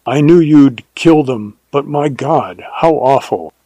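A man's voice: mid-range voice, lively intonation, takes it slowly, dark tone, no echo. A man doing a frightened young woman. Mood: distraught.

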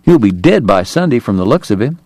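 A man voicing a restless young male army officer who asks sharp, incredulous questions. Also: on the low side, very animated, a little fast, no room sound. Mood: wry.

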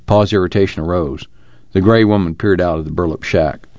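A man reading a novel aloud in steady, measured scripted narration. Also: sits low, no echo. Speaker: audiobook narrator. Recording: dull lo-fi recording.

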